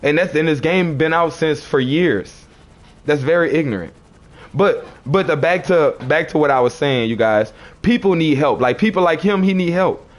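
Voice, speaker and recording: A man with a fairly high speaking voice, talking on a livestream. He argues with commenters in a preachy, confrontational way. He keeps repeating his phrases. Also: lively intonation, normal speed. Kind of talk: arguing with live chat commenters.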